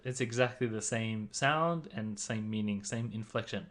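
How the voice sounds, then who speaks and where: A man's voice: mid-range voice, moderate pace, fairly bright tone. A man narrating a slide-based language lesson in an explanatory manner, voicing example sounds in varied tones. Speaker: language teacher.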